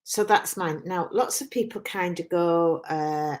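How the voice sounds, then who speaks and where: A woman's voice: fairly low pitch, measured pace, darkish tone. An older woman hosting a podcast, talking in a rambling, hesitant way with many restarts. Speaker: podcast host. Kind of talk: reflective podcast talk on self-talk.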